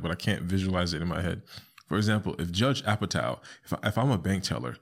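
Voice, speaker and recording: A man hosting a podcast alone, talking casually and animatedly, often jumping into high squeaky voices to quote people. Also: quick pace. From South Florida. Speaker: podcast host. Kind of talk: casual solo podcast commentary.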